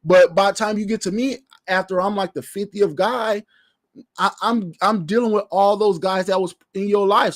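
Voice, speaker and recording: A man's voice: high voice, no echo, clean studio sound. A man preaching a sermon as pastor, in a loose, conversational way, often repeating short phrases.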